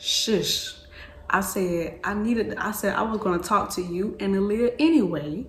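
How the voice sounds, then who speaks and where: A woman's voice: mid-range voice, moderate pace, slight background noise. A young woman vlogger telling a personal story in casual chat, repeating herself and backtracking as she goes. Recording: echoey room.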